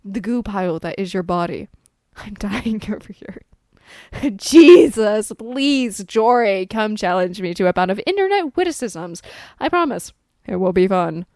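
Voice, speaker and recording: Incredulous woman with a lively voice. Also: medium pitch, moderate pace, no echo, studio quality. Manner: incredulous, sarcastic. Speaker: guest. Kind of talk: casual comedic reactions.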